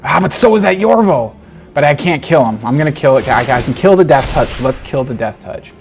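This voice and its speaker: A man giving casual, animated commentary on his own card game, talking to himself and joking through his frustration. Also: on the high side, fairly quick, faint music behind. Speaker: game streamer. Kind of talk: gameplay commentary.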